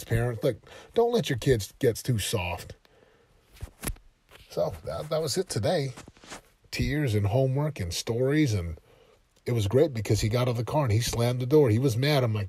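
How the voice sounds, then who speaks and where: A man's voice: mid-range voice, animated, fairly quick, a little mellow, breathy edge, dry recording. A man hosting a motivational talk, speaking in an emphatic, repetitive, exhorting way to his listeners. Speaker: motivational podcast host. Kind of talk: motivational monologue.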